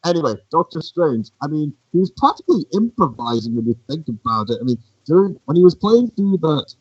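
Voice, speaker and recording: A man with a husky voice muses through his ideas on a casual podcast, putting on voices for quotes. His mic is dry and dull, lo-fi. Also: on the high side, very animated, fairly quick, no room sound. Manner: musing, acts out quoted lines. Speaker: podcast co-host.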